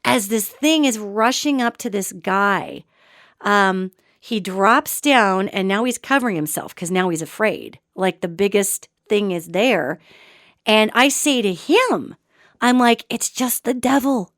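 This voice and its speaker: A woman hosting a show and telling a story in an animated, dramatic way, with sudden swings between loud and soft. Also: medium pitch, takes it slowly, dry recording, clean studio sound. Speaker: podcast host and psychic. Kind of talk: storytelling monologue.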